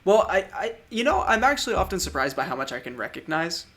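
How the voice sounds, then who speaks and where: A man's voice: sits high, big pitch swings, fast talker, fairly bright tone. A man co-hosting a podcast, chatting casually about movies, rambling, trailing off and laughing often. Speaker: podcast co-host.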